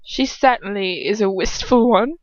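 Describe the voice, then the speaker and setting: A woman's voice: mid-range voice, expressive, moderate pace, no room sound, dull audio, natural voice. A woman voicing a cruel, mocking adult witch in a taunting, sing-song way.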